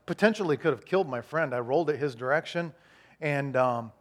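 A man's voice: fairly high pitch, expressive, fairly quick. A middle-aged man preaching a sermon in a conversational way. He repeats his key lines, restarts his sentences and acts out the voices of people he talks about. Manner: acts out voices of worshippers and complainers. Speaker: pastor.

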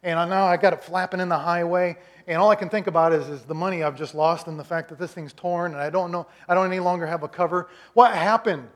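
Male pastor, high voice, emphatic storytelling sermon. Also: steady tone, fast talker, hardly any pauses. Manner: storytelling, emphatic, rhetorical questions.

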